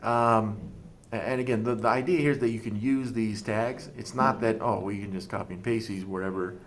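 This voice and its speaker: A man teaching a coding class over a screen recording, talking through each step in a relaxed, thinking-aloud way. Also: lowish voice, a little fast.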